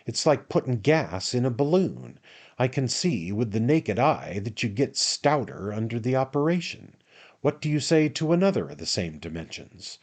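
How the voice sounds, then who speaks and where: A man's voice: mid-range voice, big pitch swings, normal speed. A man voicing a brash, emphatic young manservant in a storybook reading. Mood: brisk, emphatic. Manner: emphatic, bossy, argumentative.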